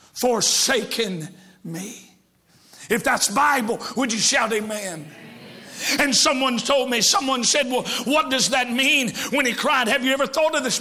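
High-voiced shouting evangelist man. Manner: preaches with sudden shouts, drops to hushed quotes, humorous asides. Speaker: evangelist preacher. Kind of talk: sermon.

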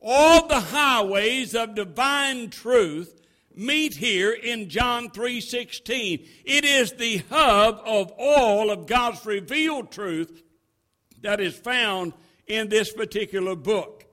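A man preaching a sermon, with a slow, emphatic pulpit cadence that builds to loud crescendos. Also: high voice, animated.

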